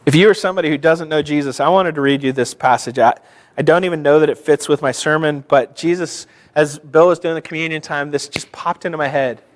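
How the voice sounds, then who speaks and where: A man's voice: fairly high pitch, steady tone, a little fast. A male pastor giving a sermon in a church, conversational and self-deprecating, building to fervent exhortation.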